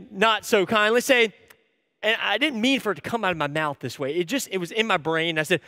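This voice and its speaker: A man in his thirties giving a sermon as an animated, self-deprecating storyteller. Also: sits high, a little fast, no echo, clean studio sound, long reverb tail. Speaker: church staff speaker.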